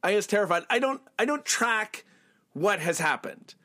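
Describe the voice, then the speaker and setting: A man co-hosting a relaxed chat show, reading comic panels aloud and picking apart their punctuation with a laugh. His voice sits a bit high and swoops around animatedly. The sound is dry and close to the mic. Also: moderate pace, no echo. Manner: pedantic about punctuation, laughs often. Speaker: podcast co-host.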